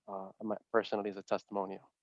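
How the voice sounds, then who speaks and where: A man's voice: on the low side, completely flat delivery, very fast, no echo. A man hosting an interview, asking questions hesitantly with repeated words and lots of praise. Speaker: podcast host. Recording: slightly muffled dry audio.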